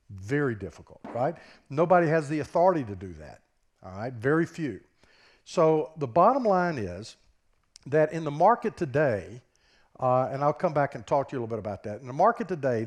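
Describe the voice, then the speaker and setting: A man with a Southern US accent giving a conference keynote as a business professor, talking conversationally and often checking in with the audience through rhetorical questions, on a stage microphone. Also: a little high.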